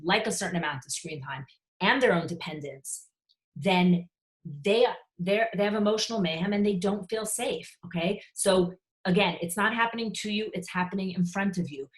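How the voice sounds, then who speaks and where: Woman, lowish voice, frank conversational advice, online video call talk. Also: normal speed. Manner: frank, conversational, acts out parent and child lines. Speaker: parenting speaker.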